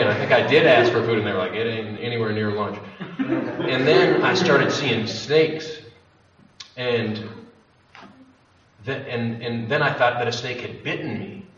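A young man with a somewhat low, fairly bright voice candidly tells a personal story to a live audience in an event room, rambling, swearing freely and often cutting himself off. The recording is roomy, distant, dull and lo-fi, with faint noise.

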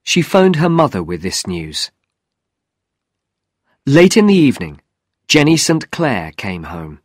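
A man narrating a graded reader story in a slow, clear, deliberate way. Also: mid-range voice, big pitch swings, no room sound, clean studio sound.

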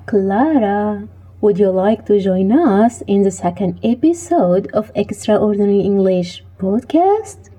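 Playful woman with a lively voice. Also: medium pitch, measured pace, husky. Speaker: podcast co-host. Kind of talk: scripted podcast dialogue.

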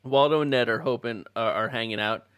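Man, casual gamebook reading, laughs a lot, halting with fillers, bright voice, dry close sound. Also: mid-range voice, clear, resonant tone, no room sound. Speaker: reader leading the group through the story.

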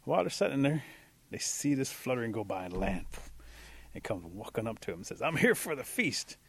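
Relaxed, animated male storyteller. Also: fairly low pitch, fairly quick, vocal fry, breathy edge. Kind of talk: traditional folk-tale storytelling.

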